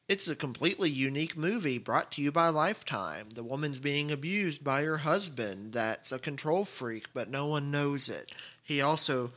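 A man's voice: mid-range voice, sharp tone. A man co-hosting a casual comedy chat, joking crudely and rambling.

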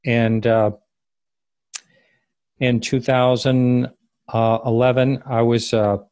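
A man of mid pitch tells a story in a halting, rambling way, often stopping to correct himself. The recording is dry and close, with no room sound around his voice. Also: level tone, a little mellow, clean tone, no echo. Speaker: interview guest. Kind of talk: casual spoken recollection.

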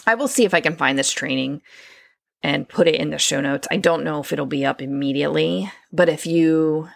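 A woman with a low voice and a gravelly edge hosts her own podcast. She talks in a loose, conversational way, with frequent "um"s and restarts. The sound is dry and close. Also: moderate pace, no echo. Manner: conversational, many fillers and restarts. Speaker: podcast host. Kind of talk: solo podcast talk.

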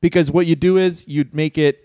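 A man co-hosting a wrestling history podcast talks in a rambling, joking way, slipping into silly accents during this casual comedic chat. His voice is fairly high, fairly even in intonation, mellow, and at normal speed, recorded in studio quality with no echo.

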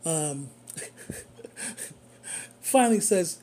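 A rideshare driver telling a story in casual monologue, animated and repeating phrases for emphasis. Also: mid-range voice, normal speed, long pauses, a little hiss or hum.

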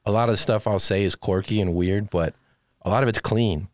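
A man, a stand-up comedian, chatting casually in an interview and telling lively stories, acting out the people he quotes. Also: lowish voice, a little fast, dry recording, studio quality. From Texas. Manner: animated storyteller acting out quotes.

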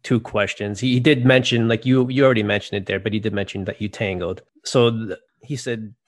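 Low-voiced man hosting, dry sound. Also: a little fast, no echo. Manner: relaxed, relays listener questions. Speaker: podcast host. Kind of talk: casual interview chat.

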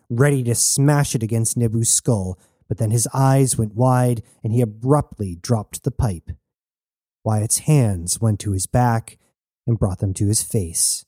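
A man narrating an audiobook in a steady, measured way, recorded close and dry. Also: medium pitch, no echo.

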